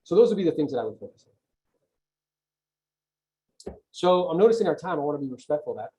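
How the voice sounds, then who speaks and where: A man's voice: fairly high pitch, sing-song, quick pace, dark tone, poor audio. A man giving an emphatic, motivational coaching talk on a video call, often checking in with "right?". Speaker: real estate coach, guest on a video call.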